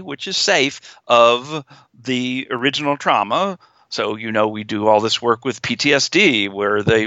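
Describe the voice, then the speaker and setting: Male psychologist guest, middle-aged, bright forceful tone, dry slightly dull sound. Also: mid-range voice, dry recording. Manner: acts out fearful inner voices. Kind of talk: explaining in an interview.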